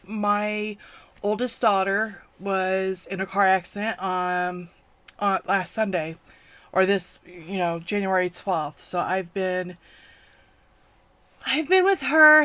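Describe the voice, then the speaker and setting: A middle-aged woman, hosting a crafting vlog, talking tearfully with many pauses and fillers. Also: mid-range voice, fairly bright tone, no echo. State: near tears. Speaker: crafting channel host. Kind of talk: emotional personal vlog.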